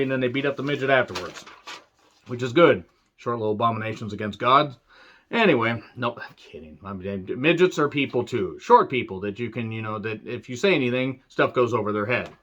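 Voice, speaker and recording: Man, wrestling reviewer, casual rambling talk, sarcastic crude humor, mid pitch, dull lo-fi audio. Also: a bit bright. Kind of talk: casual spoken video review. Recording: dull lo-fi sound.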